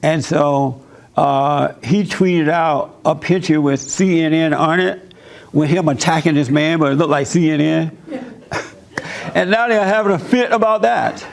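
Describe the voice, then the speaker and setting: A man preaching to his church in a loose, conversational way. His voice sits fairly high for a man and has a gravelly, fry-edged texture. He presses his points hard and laughs between them. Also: moderate pace. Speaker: pastor.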